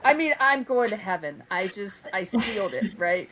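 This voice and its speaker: A woman guest telling anecdotes in a casual chat, animated, laughing often and acting out what people said. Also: mid-range voice, moderate pace, poor audio. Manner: animated storyteller who laughs often and acts out quotes. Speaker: guest, vintage fabric reseller.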